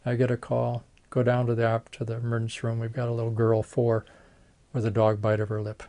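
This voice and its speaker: A man's voice: medium pitch, monotone, a little fast, warm tone. An older man, a retired plastic surgeon, telling folksy stories in an oral history interview and acting out the voices of people he quotes.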